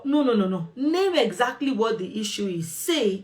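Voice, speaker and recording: A woman's voice: a little high, sing-song, moderate pace, hardly any pauses. A woman host talking straight to her viewers with relationship advice, firm and emphatic, repeating phrases for stress. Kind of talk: direct-to-camera advice talk.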